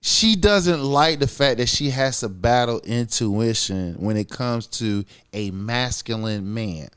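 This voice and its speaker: A man's voice: medium pitch, animated, slow pace, a bit bright, clear, resonant tone. A man co-hosting a podcast, talking casually in a blunt, profane, emphatic way, often checking in with "you feel what I'm saying". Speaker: podcast co-host.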